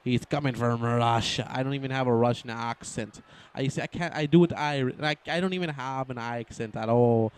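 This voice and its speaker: A man giving casual, excitable play-by-play commentary on a wrestling video game, rambling and often correcting himself. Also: medium pitch, moderate pace, smooth.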